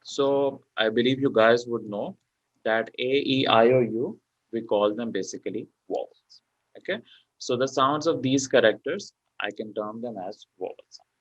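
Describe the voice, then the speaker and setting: A man teaching an exam prep class, talking his students through each point with plenty of okays and you-knows. His voice sits in a middle pitch and sounds dry and close, as if over a muffled video call. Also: moderate pace, no echo. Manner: explains step by step with many fillers like okay and you know. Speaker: PTE exam tutor. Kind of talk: online class lecture.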